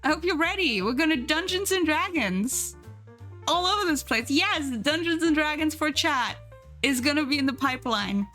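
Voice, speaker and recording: A woman's voice: high-pitched, animated, moderate pace, bright, forceful tone. A young adult woman chatting casually on a live stream while she draws, bubbly and giggly, thanking viewers as she goes. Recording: faint music underneath.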